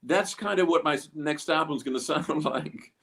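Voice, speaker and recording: A man's voice: a little high, moderate pace, vocal fry, a bit bright. A man being interviewed about his music, talking in a rambling way with many fillers and restarts. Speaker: guest musician. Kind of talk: casual interview.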